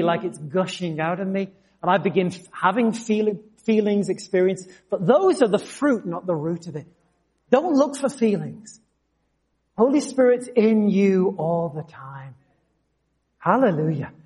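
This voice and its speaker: A male preacher giving a sermon, telling his own testimony in an animated storytelling way. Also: high-pitched, husky. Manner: storytelling, animated, jumps to shouts.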